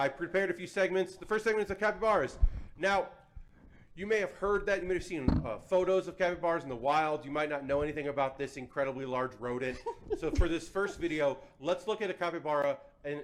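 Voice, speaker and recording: A man's voice: fairly high pitch, brisk, background noise. Chatty, playful panel host, man. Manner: chatty, playful, self-deprecating. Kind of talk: casual live panel hosting. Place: convention panel room. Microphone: handheld or table mic.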